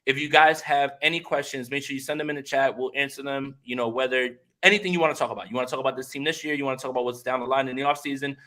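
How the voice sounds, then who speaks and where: A man's voice: mid-range voice, steady tone, rapid-fire, hardly any pauses, sharp tone. A man co-hosting a casual live-stream sports podcast, upbeat and talking straight to the viewers. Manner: upbeat, keeps addressing viewers directly. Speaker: podcast co-host.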